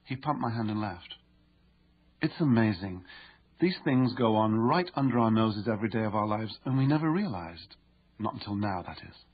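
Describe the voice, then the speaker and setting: Male author narrating his own self-help audiobook, husky and measured, muffled recording. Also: on the low side, lively intonation. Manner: measured, explanatory.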